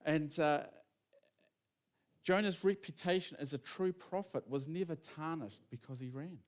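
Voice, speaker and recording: A man preaching a sermon in a casual, animated storytelling manner, acting out quotes as he goes. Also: on the high side, a little slow.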